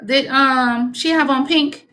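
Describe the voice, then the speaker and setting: A woman working as a psychic medium on a live stream, pausing and searching for words as she relays messages, then jumping up in pitch when quoting. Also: fairly even intonation, sharp tone. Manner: halting, searching for words, coaxing; relays messages with swoops up into quoted speech. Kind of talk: live-stream spirit reading.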